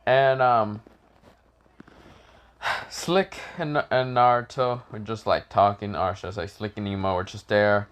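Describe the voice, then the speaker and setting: A man rambles through an improvised fan-fiction story in a casual way, correcting himself, swearing, and shouting the characters' lines in high voices. He takes his time, leaving long pauses.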